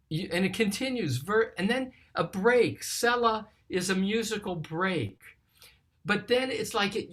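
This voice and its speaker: A teacher giving a recorded study lesson on a psalm, reading verses aloud and explaining them in a slow, deliberate way. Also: mid-range voice, a bit bright. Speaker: teacher of scripture.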